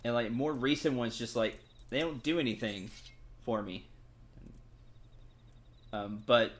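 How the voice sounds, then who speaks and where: Slow-talking laid-back male streamer. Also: mid-range voice. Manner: relaxed and chatty, laughing often. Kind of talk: casual gameplay stream chat.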